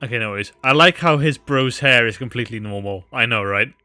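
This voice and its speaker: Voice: mid-range voice, brisk, pushed and bright, dry recording. A co-streamer chatting casually during a game stream, teasing and laughing easily.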